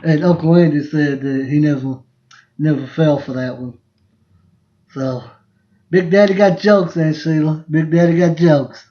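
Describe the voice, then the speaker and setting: A man's voice: a little high, unhurried. A man, hosting a podcast on a livestream and telling family stories in a rambling, laughing way that repeats itself. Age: 20s. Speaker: podcast host. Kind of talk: casual storytelling on a livestream. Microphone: phone livestream. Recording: roomy, dull lo-fi livestream sound.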